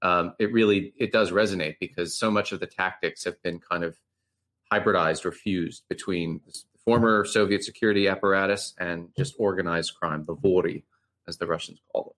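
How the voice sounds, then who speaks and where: Deep-voiced rambling male journalist. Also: steady tone, normal speed, fairly bright tone. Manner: rambling, self-correcting, occasional swearing. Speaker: journalist guest. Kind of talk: casual analytical chat.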